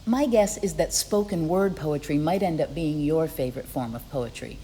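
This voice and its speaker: A woman with a low, deep voice narrates a scripted poetry lesson as the teacher, explaining each form in a clear, friendly way. Her voice-over carries a long reverb tail, with faint ambient noise underneath. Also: normal speed, dark tone. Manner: clear, friendly explaining, reads rhythm examples aloud.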